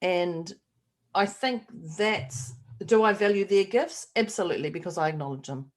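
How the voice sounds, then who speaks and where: A middle-aged woman co-hosting a casual podcast chat, animated and laughing often as she acts out quoted voices. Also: mid-range voice, normal speed. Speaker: podcast co-host.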